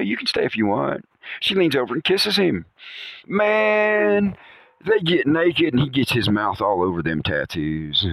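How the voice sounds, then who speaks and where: A middle-aged man hosting a podcast, telling a crude rambling comic story with chuckles, dropping to low mutters and jumping to high exclamations. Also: fairly bright tone, dry recording, poor audio. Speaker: podcast host.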